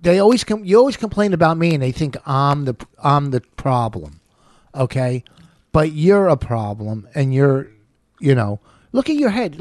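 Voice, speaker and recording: A man with a slightly higher voice trades jabs with his wife on their podcast. He sounds teasing and exasperated, and he is quick to defend himself. The sound is close and dry, with no room behind it. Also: big pitch swings, a little mellow, no room sound. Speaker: podcast co-host. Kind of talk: bickering couple's podcast chat.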